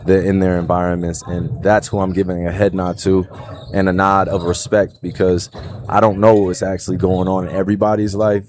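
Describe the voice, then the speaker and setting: A man's voice: deep voice, a little mellow. A man in his thirties with a New Jersey accent, talking to viewers on his livestream in an earnest, reflective way and often checking in with "right?" and "you know". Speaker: livestream host. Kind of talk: casual reflective monologue.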